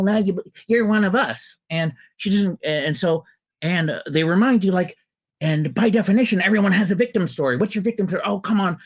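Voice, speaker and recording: Rambling man on a dull lo-fi mic. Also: on the high side. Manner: rambling, full of ums and restarts. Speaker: podcast host. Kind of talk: casual commentary chat. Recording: slightly dull lo-fi audio.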